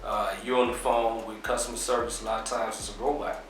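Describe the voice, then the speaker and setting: A man being interviewed, explaining his business in a relaxed, casual way with plenty of fillers. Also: mid-range voice, a little fast, recorded from a distance, a little hiss or hum. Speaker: interview guest, business owner. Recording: very echoey room, off mic.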